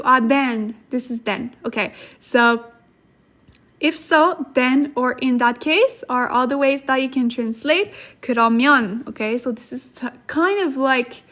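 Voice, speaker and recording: A woman's voice: sits high, a bit bright. A woman teaching a beginner language lesson on a livestream, chatting with viewers and thanking them as she goes. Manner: chatty, thanks viewers, reads sentences slowly then fast.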